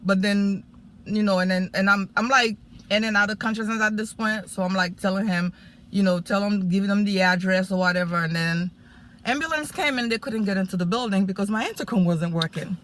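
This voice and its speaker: A woman sharing a personal testimony in casual, animated storytelling, full of fillers and acted-out quotes. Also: medium pitch, brisk. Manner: animated, acts out quoted speech, many fillers.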